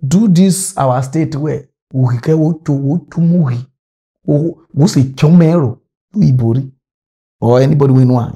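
Here a slightly high, warm-toned male voice belongs to a political commentator from Delta State, Nigeria. In a Nigerian Pidgin accent, he rails against political matters in a fervent, agitated, scolding monologue.

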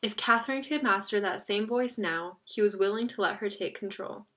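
Bright-voiced woman reading a novel aloud. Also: medium pitch, moderate pace. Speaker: narrator. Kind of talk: audiobook reading.

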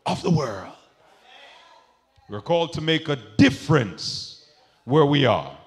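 A pastor preaches to his congregation in a slightly high voice, calling out to them for responses. He is very animated and slow, with long pauses, swinging from soft asides to shouted emphasis.

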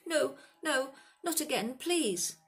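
A woman voicing a frightened male teacher who pleads in a raised, high voice. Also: big pitch swings, takes it slowly, full character voice. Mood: pleading.

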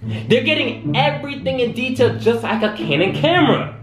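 A man casually reacting to videos for his viewers, excitable and slangy, often drawn-out in his amazement. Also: very high-pitched. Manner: excitable, slangy, talks to viewers, lots of "bro" and "wow". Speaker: YouTube reaction host. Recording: echoey room with music behind.

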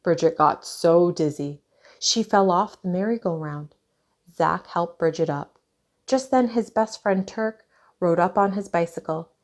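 A woman reading a children's picture book aloud, clear and expressive. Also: on the low side, unhurried. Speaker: storyteller.

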